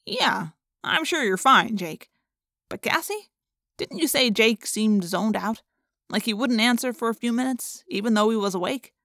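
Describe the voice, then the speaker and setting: A woman's voice: on the high side, expressive, moderate pace, a bit bright, dry recording, studio quality. A woman voicing a shrewd, skeptical teenage boy in a wry manner. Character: shrewd, wisecracking teen boy. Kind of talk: audiobook character reading.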